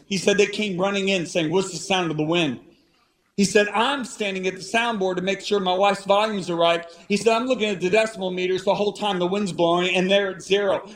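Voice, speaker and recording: High-voiced guy preaching, dramatic storytelling, goes from hushed to shouting. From Italian-American. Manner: dramatic, acts out quoted voices; shifts between hushed and shouted. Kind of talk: sermon storytelling.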